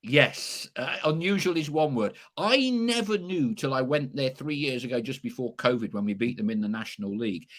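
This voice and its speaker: Lively podcast host. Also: male voice, medium pitch, moderate pace, few pauses. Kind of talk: casual chat and sign-off.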